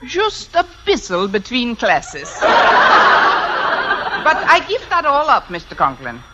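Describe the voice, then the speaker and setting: A woman's voice: fairly high pitch, wildly swooping pitch, slow, exaggerated voice. A woman voicing a brash, boozy, middle-aged German teacher in a thick put-on German accent, cackling and dropping German words, as 1950s radio comedy acting. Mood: brash, tipsy. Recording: dull hissy old radio recording.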